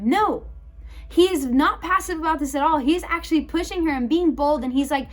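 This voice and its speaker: A young adult woman giving a casual youth sermon, telling the story in an animated, chatty way with lots of "like". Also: high-pitched, moderate pace. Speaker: youth leader preaching.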